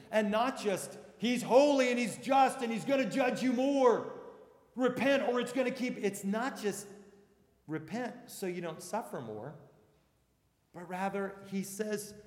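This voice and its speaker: A male pastor preaching a sermon, dropping to hushed tones and then shouting for emphasis, recorded in a large hall. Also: on the high side. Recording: echoey hall with long reverb.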